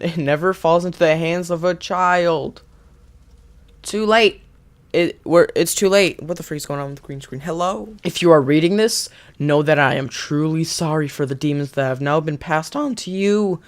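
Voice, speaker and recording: An excitable man plays through a horror game, reading the on-screen story aloud between gasps and quick laughs. His voice sits a little higher than most men's. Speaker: gaming YouTuber. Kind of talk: let's-play commentary and reading game text aloud.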